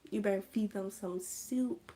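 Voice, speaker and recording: A woman's voice: measured pace, dark tone, lightly acted. Woman putting on a menacing creepy aunt. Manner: threatening, commanding, sometimes sing-song high. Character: sinister controlling aunt, older woman, menacing.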